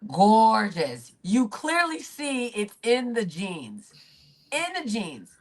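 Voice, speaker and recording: A woman's voice: fairly high pitch, huge pitch swings, takes it slowly. A woman co-hosting a podcast, talking in a casual, emphatic way and stacking up adjectives and long explanations. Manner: emphatic, piles up adjectives, wordy. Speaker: podcast co-host. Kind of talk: casual recap chat.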